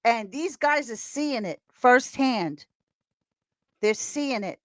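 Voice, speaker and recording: A woman as a podcast guest in casual chat, talking in an animated, rambling way and laughing often. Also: a little high, slow pace, no echo.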